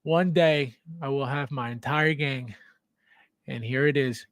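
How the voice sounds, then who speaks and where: A man's voice: medium pitch, measured pace, dry recording, clean studio sound. A man hosting a casual livestream from his home basement, greeting viewers by name, reading chat aloud and laughing often. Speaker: livestream host.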